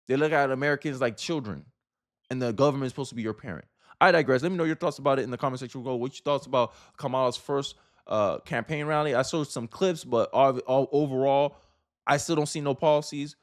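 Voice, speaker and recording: A man's voice: mid-range voice, brisk. A man giving emphatic, informal political commentary in a vlog, often throwing rhetorical questions at his viewers.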